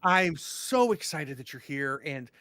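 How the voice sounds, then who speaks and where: A man's voice: on the high side, sing-song, unhurried, sharp tone, no echo, exaggerated voice. A man voicing a gushing, overeager middle-aged mayor of a small town who stammers nervously through every sentence. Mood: effusive.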